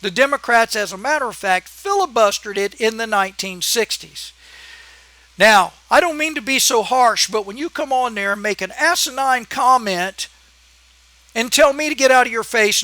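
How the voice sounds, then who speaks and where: Channel host, male, very high bright voice, dry close sound; heated scolding rant. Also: expressive, normal speed, no echo. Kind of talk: ranting political vlog monologue.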